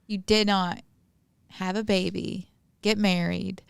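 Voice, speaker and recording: Smooth-voiced woman hosting a podcast. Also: mid-range voice, little pitch movement, slow, dry recording, studio quality. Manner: supportive, prompting questions. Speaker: podcast host. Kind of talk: casual interview chat.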